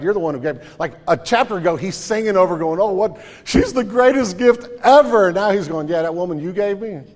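A man's voice: fairly high pitch, long reverb tail. A man, a pastor, preaching a conversational sermon and acting out voices in his stories.

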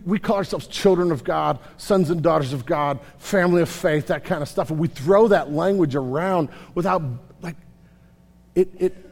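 A man preaching a sermon in an animated, conversational way, often restarting his words. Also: on the high side, normal speed, vocal fry, long reverb tail. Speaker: pastor.

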